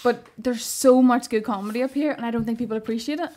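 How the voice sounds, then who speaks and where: This Northern Irish co-host of a comedy podcast speaks fast, her voice on the high side but dark in tone and steady. She's earnest and supportive in the casual back-and-forth, frequently cutting across her co-host.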